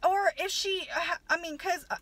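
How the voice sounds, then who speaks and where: High, bright-voiced woman in an angry rant. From American South. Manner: heated, swearing, halting restarts. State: upset. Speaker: vlogger.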